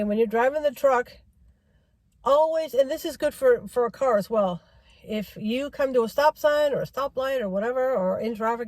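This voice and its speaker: A woman's voice: fairly high pitch, dry recording. Rambling woman with a dry, close sound. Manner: rambling, repeats herself for emphasis. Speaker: vlogger. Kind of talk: casual driving-safety rant.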